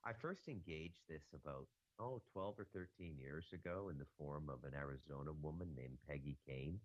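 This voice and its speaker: Man, extremely low voice, rambling podcast guest, dry muffled sound. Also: no echo. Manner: rambling, halting with restarts. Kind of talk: casual conspiracy talk.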